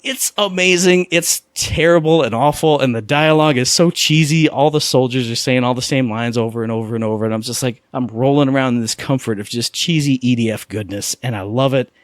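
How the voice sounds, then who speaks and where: A man co-hosting a podcast, talking about video games with animated enthusiasm in casual chat. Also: mid-range voice, brisk, few pauses, dry recording, clean studio sound. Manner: enthusiastic, animated gamer talk. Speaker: podcast co-host.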